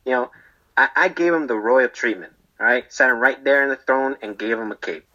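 This comic monologue features a man as an incarcerated barber being interviewed about his story, defensive and rambling, forever adding "okay?" and "right?". He talks a little fast at medium pitch, his voice bright and sharp, and the audio is dull and lo-fi.

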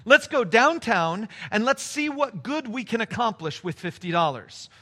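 Brief: preacher putting on a friendly dad, high bright voice, inviting tone. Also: male voice, lively intonation, moderate pace, exaggerated voice. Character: kindly father offering to do good.

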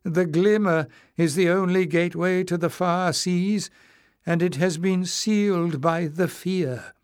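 A man reading an audiobook, voicing an elderly goblin woman who speaks slowly and indignantly. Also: high-pitched, clean tone, voice pushed up. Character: old woman goblin elder, proud and fierce.

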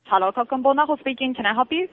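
A woman with a Japanese accent answers a bar's phone in halting English, often asking the caller to repeat himself and growing curt. Her voice sits very high. The sound comes through a thin, tinny phone line. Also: lively intonation, noisy background. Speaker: tavern staff answering the phone. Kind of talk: phone call.

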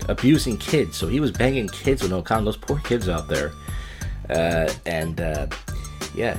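A man hosting a comedy podcast, ranting crudely and rambling between stories. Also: sits low. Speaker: podcast host.

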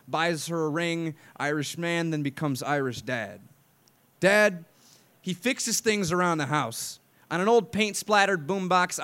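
A man's voice: a little high, fairly bright tone. A man from Chicago performing spoken word poetry at a live open mic, with rhythmic repeated lines and crude, joking asides. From Chicago, United States.

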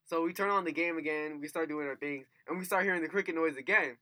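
A man's voice: fairly high pitch, quick pace, hardly any pauses, pushed and bright, dry recording. A man co-hosting a casual podcast, rambling through a story and checking in with "right?" as he goes. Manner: rambling, retells events with "like" and "right?". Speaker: podcast co-host.

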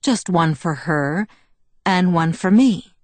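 A woman's voice: on the low side, animated, slow pace, a little mellow, no room sound. A woman reading a composed young man who speaks in a mild, conversational tone, in a storybook. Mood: calm. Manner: conversational, mild, innocent-sounding.

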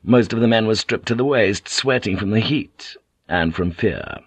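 A man narrating an audiobook in a measured, even manner. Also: lowish voice, husky, no echo. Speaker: audiobook reader. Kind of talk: scripted narration.

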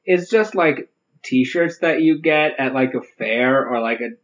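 A male podcast co-host rambles through jokes and tangents, filling his sentences with asides. His voice is mid-pitched and easygoing. The sound is a bit dull and lo-fi. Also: a little slow. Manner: rambling, many "like" and "uh" asides, joking. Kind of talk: casual comedic chat.

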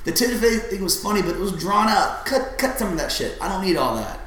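A man's voice: high-pitched, sing-song, fast, fairly bright tone. A young man trading blunt, opinionated takes with a friend in casual, profane chat. His voice sits in a mid range. The room sounds echoey, with a faint hum underneath. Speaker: podcast co-host.

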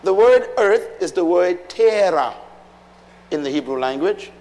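High-voiced preacher man in a reverberant hall. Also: expressive, measured pace, darkish tone. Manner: emphatic, rhetorical questions to the congregation. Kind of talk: sermon.

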